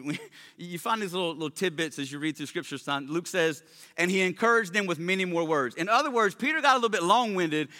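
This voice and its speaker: A male pastor preaching in a conversational, excitable way, full of casual slang. His voice is high and bright. The room gives it a long, ringing reverb. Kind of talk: sermon.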